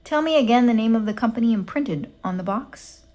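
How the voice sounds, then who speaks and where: A woman's voice: fairly high pitch, lively intonation, brisk, a little mellow, natural voice. A woman voicing a stern, practical, no-nonsense woman who speaks curtly and emphatically. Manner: curt, emphatic and scolding.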